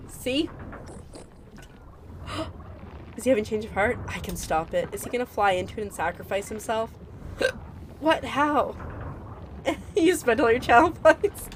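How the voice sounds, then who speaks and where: A woman's voice: on the high side, a little hiss or hum. A woman chatting casually and giggling while streaming a video game. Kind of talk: casual live-stream gameplay chat.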